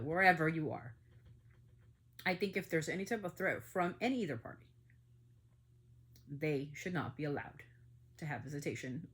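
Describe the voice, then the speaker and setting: A middle-aged woman hosting a family podcast, talking with anger and emphatic outbursts. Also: sits low. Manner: angry, emphatic, with surges of loudness. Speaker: podcast host. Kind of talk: emotional commentary.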